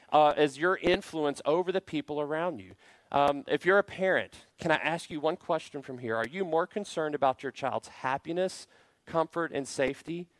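A man's voice: on the high side, dry recording. A man preaching a sermon to a church congregation, earnest and full of rhetorical questions. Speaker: pastor. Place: church service.

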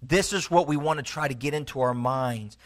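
A middle-aged man preaching a sermon as pastor. He talks earnestly, stumbles through halting restarts, and drops low and soft to stress a point.

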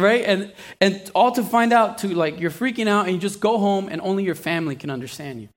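Conversational preacher, slightly high voice. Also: male voice, animated, fairly quick, few pauses. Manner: conversational preaching with rhetorical questions and acted asides; restarts and repeats words. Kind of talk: sermon.

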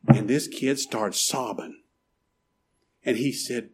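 A middle-aged man preaching a sermon, pleading and emphatic, swinging from loud rises to soft drops. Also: on the low side, slow, long pauses, slightly rough. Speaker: pastor.

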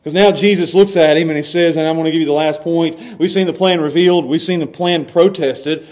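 A man preaching a sermon as pastor, animated, swinging from loud to hushed and laughing often. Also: fairly high pitch, brisk.

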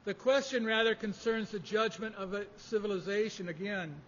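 A man preaching a sermon, measured and emphatic in delivery. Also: high voice, a bit bright, slight background noise. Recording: dull lo-fi audio in a reverberant hall.

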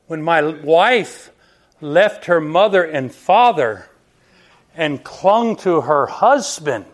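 Emphatic high-voiced male preacher. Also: expressive, slow pace. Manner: emphatic, asks the congregation rhetorical questions. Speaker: pastor. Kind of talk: sermon.

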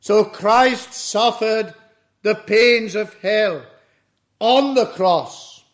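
A man preaching an expository sermon in a measured, solemn way. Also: high-pitched. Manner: slow, measured, solemn doctrinal delivery.

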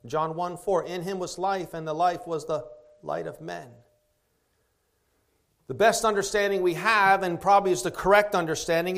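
A man preaching an expository sermon, asking rhetorical questions and slowing down to stress key phrases. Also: high voice, fairly bright tone. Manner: emphatic, slows down to stress key words.

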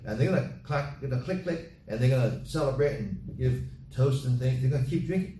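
A man's voice: mid-range voice, expressive, brisk, few pauses, mellow, far from the mic, slight background noise. A man preaching a sermon, repeating his points and acting out bits of party chatter. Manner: repetitive, emphatic exhortation with acted-out party chatter. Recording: roomy echo from off mic with faint ambience.

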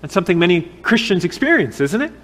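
A man preaching an expository sermon in an earnest, measured way, posing rhetorical questions. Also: high-pitched, very animated, a bit bright. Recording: long hall reverb.

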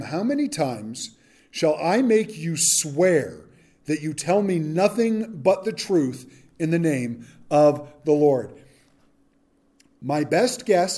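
A man preaching a verse-by-verse sermon, reading scripture aloud and acting out the speakers in casual modern slang. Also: fairly high pitch. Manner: animated, acts out quotes in modern slang. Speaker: pastor. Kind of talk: expository sermon.

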